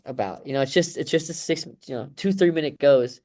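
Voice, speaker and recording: A man's voice: mid-range voice, a little fast, a little mellow. A man in his thirties answering interview questions in a reflective, emotional way, rambling with many fillers. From United States. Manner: emotional, rambling, heavy fillers like "you know" and "right". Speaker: guest, Olympic wrestler.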